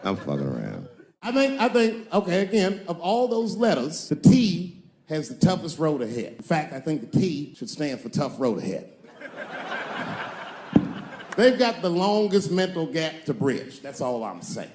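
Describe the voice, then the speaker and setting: A man in his forties performs stand-up, his voice sitting fairly high for a man. He talks to the crowd in a loose, profane, conversational way. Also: wildly swooping pitch, a little slow, very noisy. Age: 40s. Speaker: stand-up comedian. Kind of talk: stand-up comedy. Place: comedy stage before a live audience.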